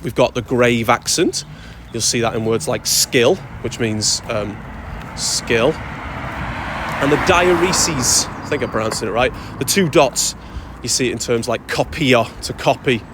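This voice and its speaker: A man's voice: mid-range voice, fairly even intonation, moderate pace, noisy background. A man from Flintshire with a North-east Welsh accent, chatting wryly and a little sweary about Welsh accent marks. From Flintshire, North Wales. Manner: wry, chatty, mildly sweary. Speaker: Welsh language creator. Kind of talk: casual talking-head explainer.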